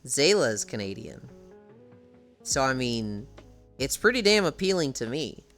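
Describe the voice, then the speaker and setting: Lively, swearing streamer chatting with viewers. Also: mid-range voice, measured pace, faint music behind. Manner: lively, laughs often, swears freely. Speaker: live streamer. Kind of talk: casual live-stream chat, answering chat.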